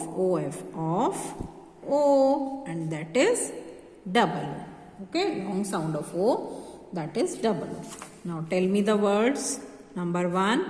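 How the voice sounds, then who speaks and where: A woman's voice: mid-range voice, warm tone, in a large hall. A woman with an Indian accent teaching phonics to young children, spelling words out letter by letter and stretching the vowel sounds. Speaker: kindergarten teacher.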